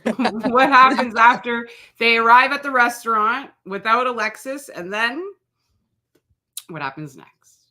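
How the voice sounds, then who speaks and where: A woman's voice: fairly high pitch, a little slow, pushed and bright. A woman co-hosting a live recap, laughing often and teasing her co-host in loose banter over a call mic. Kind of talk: casual chat, live show recap.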